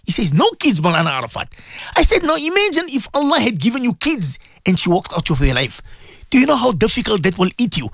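A man's voice: high voice, wildly swooping pitch, fast, creaky, a bit bright, dry recording, studio quality. A man hosting a radio talk show as a Muslim cleric, telling a story with emotion and religious phrases.

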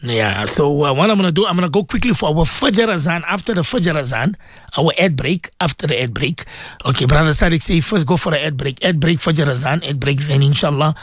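A man hosting an Islamic radio show as a maulana, preaching with passion and repeating himself for emphasis. He has a sore throat and keeps clearing it. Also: a little high, lively intonation, a little fast, no echo, clean studio sound. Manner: impassioned, repetitive, rising to emphatic peaks.

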